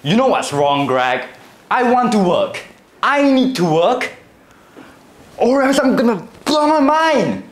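A man's voice: extremely high pitch, big pitch swings, takes it slowly, roomy sound, exaggerated voice. A man playing a frustrated actor who is sick of small parts and soap commercials, talking in an indignant, sarcastic way. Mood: angry. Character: frustrated male actor fed up with bit parts. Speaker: actor in a short film scene. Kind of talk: acting-class film scene.

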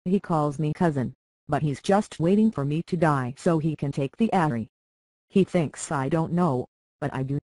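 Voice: medium pitch, normal speed, darkish tone, no room sound, lightly acted. A reader voicing a petulant, clingy young boy lord in an audiobook, whiny and pleading. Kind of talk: audiobook character reading.

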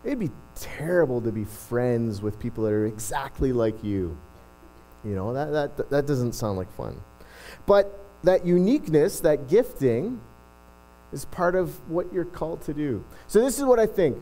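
A man's voice: on the high side, very animated, unhurried, mellow, rough recording. A middle-aged male pastor giving a casual, self-deprecating sermon, often restarting his sentences. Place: church.

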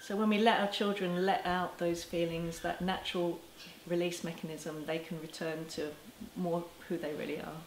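A woman teaching parents to camera in a gentle, reassuring way, now and then with a soft laugh. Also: lowish voice, level tone, moderate pace, few pauses, slight background noise. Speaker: parenting educator. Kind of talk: talking to camera. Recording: echoey room with faint ambience.

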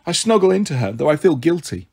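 A man reading a novel aloud in an expressive, lively storytelling manner. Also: fairly high pitch, fast talker, vocal fry, slightly rough.

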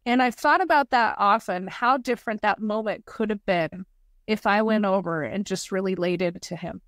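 A woman's voice: medium pitch, normal speed, dry recording, clean studio sound. A woman in her forties, a podcast guest and nonprofit founder, telling personal stories in an earnest, heartfelt way and repeating motivational phrases.

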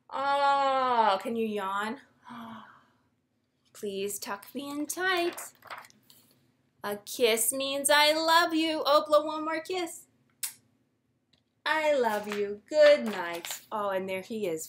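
Slow, sing-song children's librarian woman. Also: sits high, a little hiss or hum. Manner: gentle, sing-song, inviting kids to join in. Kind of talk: reading a picture book aloud to young children.

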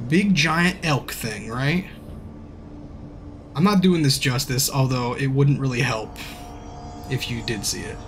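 A man streaming casually, rambling through a profane movie recap and acting out scenes in hushed asides. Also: medium pitch, a little slow, long pauses, faint music behind.

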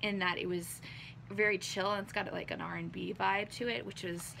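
A woman's voice: medium pitch, fairly even intonation, normal speed, vocal fry, pushed and bright, a little hiss or hum. A young woman vlogger losing her voice, chatting casually through an unboxing, rambling with lots of ums and likes.

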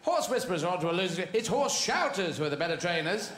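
An English male comedian performing live on stage, his voice higher than most and swinging widely in pitch as he jumps between voices. The sound carries the boom of a large theatre, with a faint hum behind it. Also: fast. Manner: animated, full of voices and barking noises. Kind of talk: live stand-up routine. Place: theatre stage before an audience. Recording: echoey live theatre recording with audience.

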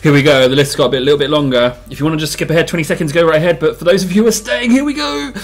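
A man's voice: a little high, rapid-fire, creaky. A man hosting a game video, giving casual, self-amused commentary and thinking aloud as he builds.

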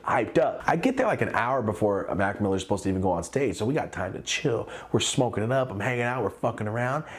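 A young man tells a story in a loose, casual way. He swears freely and jumps in pitch when he acts out what others said. His voice sits in a middle register. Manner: animated, profane, acts out quotes. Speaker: clothing brand owner and vlogger.

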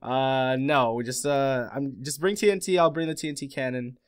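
Excitable young man hosting a gaming video. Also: medium pitch, normal speed, smooth. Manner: excitable, shouts and laughs at mishaps. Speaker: let's play host. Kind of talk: casual gaming commentary.

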